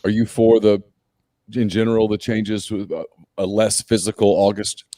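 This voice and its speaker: A man hosting a sports podcast, talking in a relaxed, conversational way. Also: on the low side, normal speed, no echo. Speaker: podcast host. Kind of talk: casual podcast talk.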